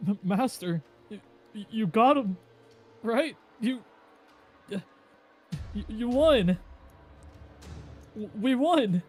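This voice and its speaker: A man's voice: high-pitched, sing-song, normal speed, gravelly, hardly any pauses, sharp tone, full character voice. A man voicing a devoted young male apprentice who cries out and stammers as he pleads with his master. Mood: pleading.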